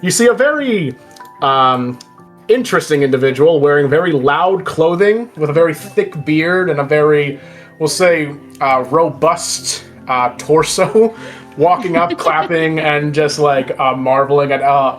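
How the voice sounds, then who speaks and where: A woman narrating as game master in a relaxed, hesitant way with fillers. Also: low voice, measured pace, faint music behind.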